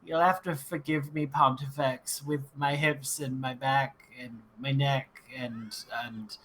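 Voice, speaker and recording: A man voicing a frail, achy old grandmother advisor who is out of breath and speaks in halting, quavering bursts. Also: medium pitch, fairly even intonation, a bit bright, slight background noise, low-quality recording. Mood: apologetic.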